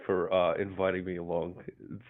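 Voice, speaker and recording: A man's voice: sits low, flat delivery, moderate pace. A man guest on a stream, talking in a dry, laid-back way. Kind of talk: casual stream chat. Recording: dull lo-fi mic.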